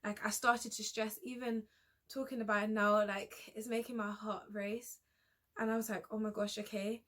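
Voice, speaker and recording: A young woman vlogger telling a personal story in a hesitant, halting way, often restarting her sentences. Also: a little high, level tone, a bit bright. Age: young adult.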